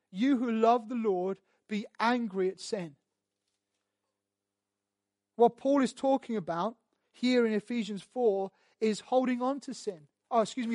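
A man preaching a sermon as a pastor, emphatic and repetitive, swelling louder as he drives his points home. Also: sits high, dry recording, clean studio sound.

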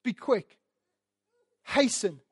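A man preaching a sermon as a pastor, emphatic and repetitive, swelling louder as he drives his points home. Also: extremely slow, dry recording, studio quality.

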